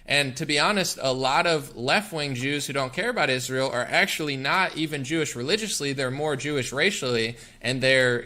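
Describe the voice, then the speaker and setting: A man hosting a political talk podcast, ranting in a combative, emphatic way. His voice sits a bit high and sounds bright and forceful. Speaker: podcast host.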